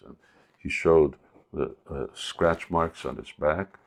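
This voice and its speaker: Man, spiritual teacher, sermon storytelling, unhurried, hesitant, extremely low, gravelly. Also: fairly even intonation.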